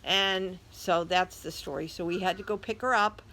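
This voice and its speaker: A woman's voice: lowish voice, moderate pace, pushed and bright, a little hiss or hum, poor audio. An older woman vlogger telling a story casually and chattily, speaking straight to her viewers.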